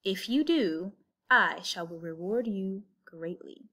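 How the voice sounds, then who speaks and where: A woman's voice: medium pitch, expressive, takes it slowly, pushed and bright, exaggerated voice. A woman reading aloud and voicing a boastful, clever talking male cat in a storybook. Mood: scheming. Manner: bold, scheming, showy.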